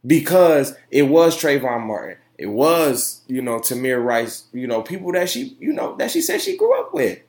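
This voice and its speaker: On his solo opinion podcast, a young host rants emphatically, packing in profanity, fillers and repeated phrases. His voice is on the high side and a little mellow, with huge pitch swings and vocal fry, at normal speed with few pauses.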